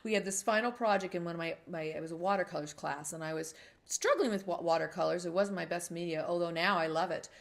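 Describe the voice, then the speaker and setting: A middle-aged woman hosting an interview, telling a story in a casual, animated way and acting out the voices she quotes. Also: on the low side, fast, vocal fry. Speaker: host.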